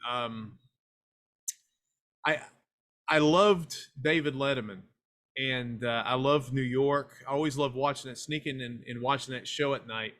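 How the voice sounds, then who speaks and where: Bright-voiced Tennessee man telling stories. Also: medium pitch, unhurried, long pauses. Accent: East Tennessee. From United States. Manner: folksy storyteller, slips into a hyped funky DJ persona. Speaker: guest, filmmaker and pro wrestler. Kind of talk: casual podcast interview.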